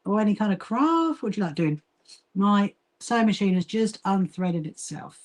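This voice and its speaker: A woman's voice: mid-range voice, big pitch swings, moderate pace. Livestream host: southern English woman, chatty, greets viewers while she sews. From England. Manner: chatty, greets viewers, talks while working, frequent restarts. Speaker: livestream host and quilting association founder. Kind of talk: casual livestream chat while sewing.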